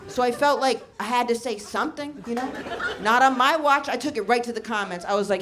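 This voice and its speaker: A woman comedian performing a stand-up set, telling stories in a deadpan way and acting out the people in them. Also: fairly high pitch, brisk, background noise. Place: comedy show before a laughing audience. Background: audience laughter.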